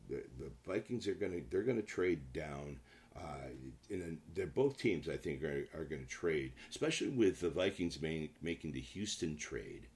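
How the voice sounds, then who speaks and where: A man hosting his own sports talk show, chatting loosely about football with many restarts and emphatic bursts. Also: extremely low pitch. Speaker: show host, sports analyst. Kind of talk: casual solo sports talk.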